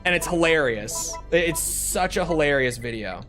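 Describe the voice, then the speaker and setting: A man's voice: a little high, lively intonation, moderate pace, a bit bright, faint music behind. A young man from Minnesota, streaming a game from his room and chatting with viewers in a rambling, profane, joking way. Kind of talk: casual chat with viewers while gaming.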